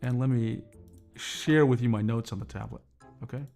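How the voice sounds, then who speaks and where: A man's voice: mid-range voice, steady tone, normal speed, vocal fry, darkish tone, soft background music. A man hosting a casual livestream, chatting with viewers in a rambling way full of fillers and restarts. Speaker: livestream host reviewing drawing tablets.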